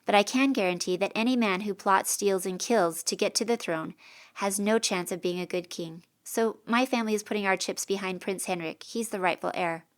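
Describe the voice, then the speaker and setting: A woman's voice: medium pitch, moderate pace, lightly acted. A woman voicing a stubborn young man who speaks firmly and earnestly, in a storybook reading. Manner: firm, earnest.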